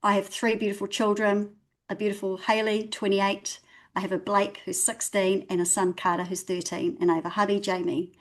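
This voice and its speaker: A woman's voice: medium pitch, little pitch movement, moderate pace. A middle-aged woman, a podcast guest, bubbly and self-deprecating. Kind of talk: casual podcast interview.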